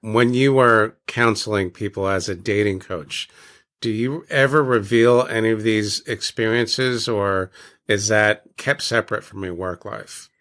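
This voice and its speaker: A male podcast host asks short, curious questions in a slightly low voice. His tone is bright and crisp, and he moves the conversation along briskly. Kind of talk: interview questions.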